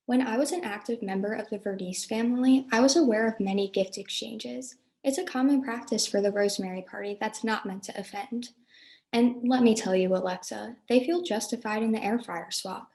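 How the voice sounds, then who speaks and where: Earnest pundit, played by a woman; higher, warm tone. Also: fairly quick, close to an everyday voice. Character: self-important female family gift-exchange expert.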